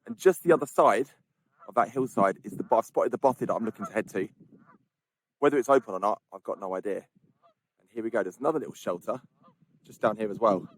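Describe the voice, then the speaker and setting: A man's voice: on the low side, brisk, pauses often, breathy edge. A man with a southern English home counties accent, chatting enthusiastically to the camera while hiking outdoors on snowy moorland. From southern England, home counties. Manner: chatty and enthusiastic, laughs often. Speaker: hiking vlogger. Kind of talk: outdoor vlog narration.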